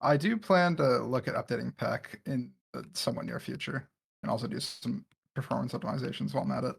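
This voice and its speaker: Gravelly, husky man with lively pitch. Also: a little fast. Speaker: developer. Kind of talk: casual voice call answer.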